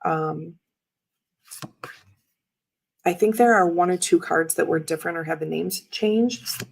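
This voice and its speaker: Rambly lady in her 30s showing off tarot cards, kinda low and husky. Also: a little slow, rough recording. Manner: chatty and rambling, with many fillers and laughs. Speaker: tarot reader and livestream host. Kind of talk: casual chat while showing tarot cards.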